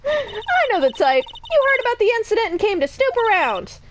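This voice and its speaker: Older cranky female security guard, put-on New York accent, high and bouncy, scolding, as a woman puts her on. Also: very animated, brisk, noisy background. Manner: scolding, loud.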